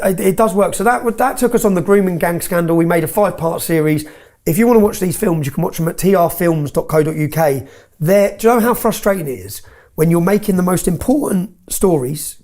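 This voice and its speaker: Brief: blunt man, gravelly voice, swears freely, interview guest. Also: sits high, a little mellow. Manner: blunt, swearing, checks in with "yeah?". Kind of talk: emphatic interview storytelling.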